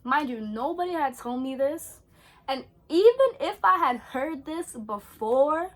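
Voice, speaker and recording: A young woman, chatting in an animated, slangy way as she tells a story during her skincare routine. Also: sits high, a little slow. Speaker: beauty vlogger.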